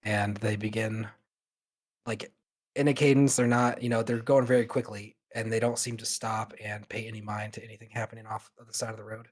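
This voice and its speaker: A man's voice: lowish voice, level tone, a little fast. A man narrating a tabletop game as game master, in a loose style full of fillers.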